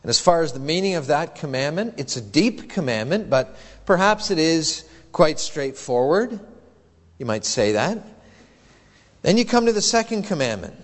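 A man's voice: on the high side, very animated. Preaching man in an echoing church. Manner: preaching from a pulpit, measured with emphatic pauses. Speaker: pastor. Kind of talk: sermon. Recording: hall reverb in a church.

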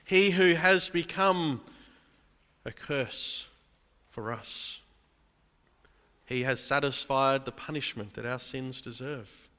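A man's voice: mid-range voice, slow pace, pauses often, sharp tone, big-room sound. A man preaching a sermon in an earnest style, calling his listeners beloved and brothers and sisters. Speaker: pastor.

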